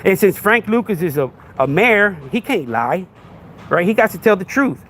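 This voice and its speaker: A man's voice: sits high, big pitch swings, moderate pace, a bit bright, slight background noise. A man, hosting a podcast livestream with a crude, confrontational rant that keeps asking "right?". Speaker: podcast host.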